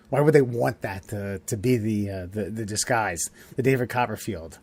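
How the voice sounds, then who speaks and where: A man co-hosting a casual comedy podcast, rambling and halting through his points, swearing and breaking into loud laughter. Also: on the low side. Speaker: podcast co-host.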